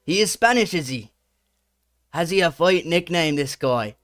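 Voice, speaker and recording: A man putting on a mock British accent to voice a brash, boastful male fighter ranting online, read out slowly and mockingly. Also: a little high, animated, fairly bright tone, no echo, clean studio sound. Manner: slow, mocking read-aloud.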